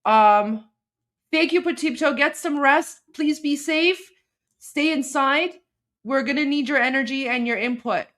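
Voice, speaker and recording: A woman's voice: sits high, a little slow, a bit bright. A woman with an Iranian accent hosts a casual livestream in a slightly raised voice. She rambles, repeats words and keeps checking in with her viewers. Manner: rambling, repeats herself, keeps asking "right?". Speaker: livestream host. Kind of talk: casual live commentary.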